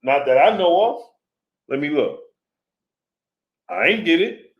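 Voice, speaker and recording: A man hosting a live stream in loose, slangy talk, greeting viewers as "brother" and teasing the chat. His voice sits a little higher than most men's. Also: very animated, unhurried, dull audio. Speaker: livestream host.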